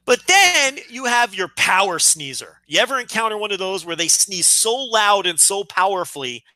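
Bright-voiced man on a podcast. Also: high-pitched, very animated, moderate pace, no echo. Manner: rambling, repeats words while thinking. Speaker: podcast co-host. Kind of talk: casual chat.

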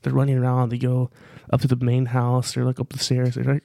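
Gravelly man telling a rambling story. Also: medium pitch, level tone, fast talker, hardly any pauses, dark tone, no room sound, clean studio sound. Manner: rambling, filler-heavy telling with repeated phrases. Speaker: podcast co-host. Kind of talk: casual storytelling.

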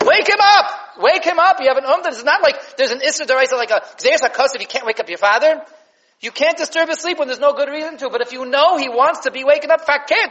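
A man teaches a Torah lesson at a quick clip, his fairly high voice leaping in pitch as he acts out the scenes. The recording sounds dull and lo-fi. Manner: animated, with many fillers and restarts. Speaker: rabbi teaching a class.

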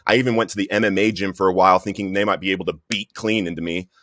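A man's voice: low voice, steady tone, rapid-fire, a bit bright, dry recording, clean studio sound. A man giving an earnest, emotional personal testimony in conversation, often calling the listener "bro". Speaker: guest sharing recovery story.

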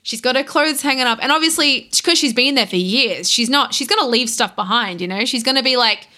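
A young Australian woman chatting casually on a podcast, animated and laughing, acting out characters' lines as she retells a game. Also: on the high side, fairly quick. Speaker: podcast guest.

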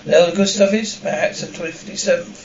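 A woman's voice: on the low side, fairly even intonation, fast, a little mellow, recorded from a distance, natural voice. Blunt sarcastic waitress gal, played by a woman, sitcom, dull roomy audio. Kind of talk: sitcom acting.

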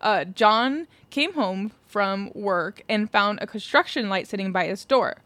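A woman's voice: mid-range voice, expressive, measured pace, a bit bright, no echo. A woman co-hosting a podcast, casually retelling a true-crime case from her notes, laughing often and swearing offhandedly. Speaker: podcast co-host.

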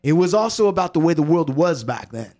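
A man's voice: on the high side, sing-song, fairly quick, warm tone. A man from the United States hosting a podcast, who chimes in with short remarks and then holds forth at length. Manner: interjects, then lectures at length. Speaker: podcast host. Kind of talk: casual chat.

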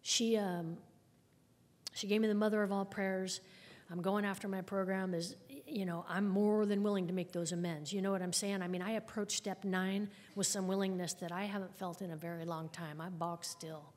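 A woman's voice: mid-range voice, flat delivery, normal speed, a little mellow. Woman sharing her recovery story in a hall. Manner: candid, conversational, wry storytelling with frequent laughs. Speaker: speaker at a recovery meeting. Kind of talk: personal recovery story told to a group. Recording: long hall reverb.

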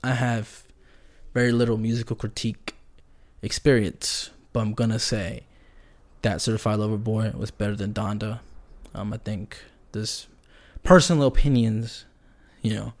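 A man's voice: on the low side, steady tone, normal speed. A man hosting a casual solo podcast, rambling and joking in a slangy way. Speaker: podcast host.

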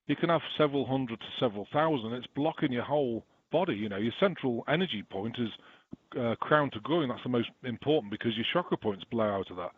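Male guest, rapid rambling healer, husky, heard over a thin phone-like call line. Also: mid-range voice, no echo. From England. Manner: rambling, fast explanations with many "you know"s. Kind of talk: casual chat.

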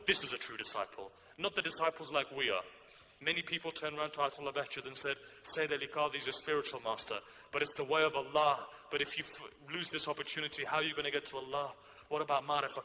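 A man preaching a sermon, telling a story whose quieter passages drop low and soft. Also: creaky.

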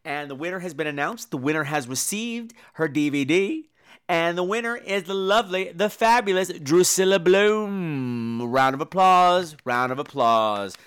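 Campy podcast host, man, bright voice, lively swooping pitch, profane comic rant. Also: normal speed, smooth. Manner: campy, profane, acts out quoted people. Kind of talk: comedic rant.

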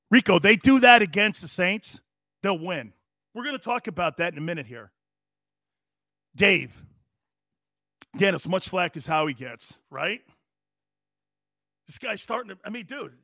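A middle-aged man hosting a live sports talk show, loud and brash, often shouting and laughing as he reads viewer comments. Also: fairly high pitch, no echo, studio quality.

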